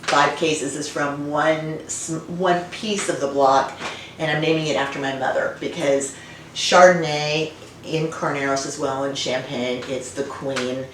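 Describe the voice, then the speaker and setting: A woman winemaker being interviewed, telling stories and remembering in a warm, conversational way. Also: low-pitched, fairly even intonation, a little slow. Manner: warm storytelling, reminiscent. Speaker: winemaker guest. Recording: roomy, distant, faint noise.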